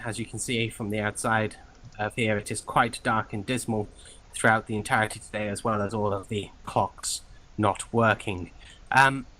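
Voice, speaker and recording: A man's voice: medium pitch, pushed and bright, low-quality recording. A man voicing a nervous, overly polite male information clerk who stammers and apologizes.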